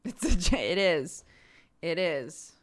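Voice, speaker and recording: A woman's voice: fairly low pitch, lively intonation, takes it slowly. An American woman streamer chatting casually while she plays, laughing often. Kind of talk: casual chat while gaming.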